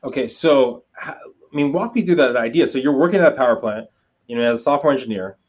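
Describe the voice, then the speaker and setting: A man's voice: medium pitch, lively intonation, fast talker, a little mellow. Man interviewing over a dull line. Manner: probing, repeats words while searching for questions. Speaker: interview host. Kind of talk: casual interview.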